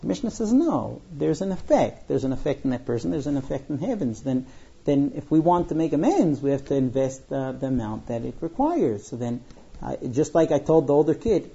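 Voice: medium pitch, sing-song, a little fast, creaky, mellow, slightly rough, lo-fi sound. A Torah teacher giving a Mishnah lesson, quoting Hebrew lines, then translating and explaining them through everyday stories. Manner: conversational, with fillers and personal stories.

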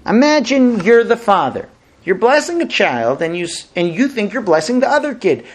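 A man delivers a sermon-style lesson, retelling a scripture story with lively storytelling. His voice sits high and moves widely in pitch, rising and dropping as he acts out the quoted lines. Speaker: Torah teacher.

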